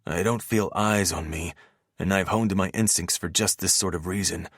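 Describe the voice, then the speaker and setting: A man narrating a first-person romance audiobook in a steady, measured reading voice on a close mic. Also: deep voice, no room sound.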